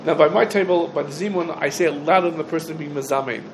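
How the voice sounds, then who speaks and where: A man's voice: a little high, fast talker, noisy background. A man teaching an informal halacha class, posing rhetorical questions and answering them, his talk dense with Hebrew terms. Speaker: Torah teacher.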